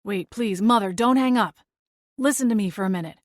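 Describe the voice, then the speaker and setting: A woman voicing a stressed, anxious young man who pleads in a strained, soft voice. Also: mid-range voice, fairly quick, no echo, studio quality, natural voice. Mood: pleading.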